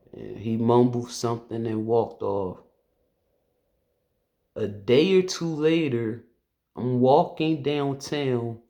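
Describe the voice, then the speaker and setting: A man's voice: medium pitch, mellow. Earnest man telling a story casually. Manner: earnest, conversational, loose speech with restarts. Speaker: police officer.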